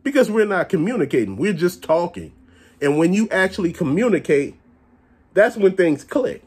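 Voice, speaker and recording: A man with a slightly husky voice rants straight to camera. His pitch swings up and down as he talks, and he is blunt and plain-spoken, cursing freely. His delivery is casual and unpolished. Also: moderate pace. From Chicago area. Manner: animated, blunt, curses often. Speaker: vlogger ranting about stores. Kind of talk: casual profane rant.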